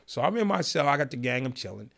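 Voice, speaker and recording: Animated gravelly man telling prison stories. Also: medium pitch, quick pace. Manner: animated storyteller acting out quotes. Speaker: podcast guest. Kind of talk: storytelling interview.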